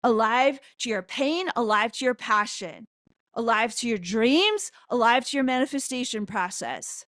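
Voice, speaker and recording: A woman spiritual teacher giving an impassioned spoken prayer, loud and fervent into a close microphone, swearing for emphasis. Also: fairly high pitch, lively intonation, unhurried, no room sound.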